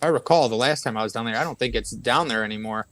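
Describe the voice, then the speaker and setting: A man with a mid-range voice speaks fast in casual conversation, spinning rowdy stories full of swearing. He's animated and acts out the quotes himself.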